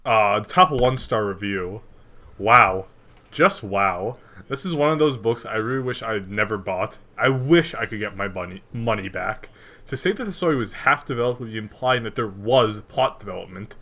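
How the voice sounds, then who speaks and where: A man's voice: lowish voice, expressive, moderate pace, sharp tone. A man co-hosting a comedy podcast, chatting casually, laughing often and reading reviews aloud with mock seriousness. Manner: laughing, joking, reads reviews aloud mockingly. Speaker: podcast co-host.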